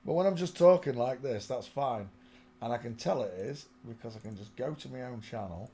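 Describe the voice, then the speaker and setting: A man's voice: mid-range voice, lively intonation, brisk, dark tone, slight background noise. Muttering man on a close mic. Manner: muttering to himself, half-singing between remarks. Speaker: channel host. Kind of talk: casual commentary while browsing photos. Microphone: small desk microphone close in front.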